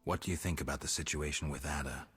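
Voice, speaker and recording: An actor voicing a gruff male witcher, a monster hunter who speaks in short, clipped lines of video game dialogue. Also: steady tone, fast talker, a bit bright, exaggerated voice. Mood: terse. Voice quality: very deep, clipped, terse. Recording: game audio with music beneath.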